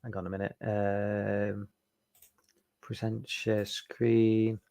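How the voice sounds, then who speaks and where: A man's voice: fairly low pitch, level tone, extremely slow, vocal fry, dark tone, no echo. A man hosting a casual live stream, rambling with lots of fillers and restarts as he answers viewer chat.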